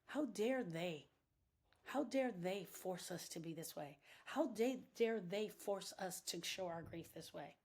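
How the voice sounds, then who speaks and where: Husky woman, impassioned grief talk. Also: on the low side, lively intonation, takes it slowly, darkish tone. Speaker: grief coach and podcast host.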